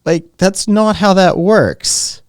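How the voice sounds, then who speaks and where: A man's voice: high-pitched, slow pace, dry recording. A man acting as stream host, commenting with dry, mocking asides. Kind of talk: sarcastic commentary.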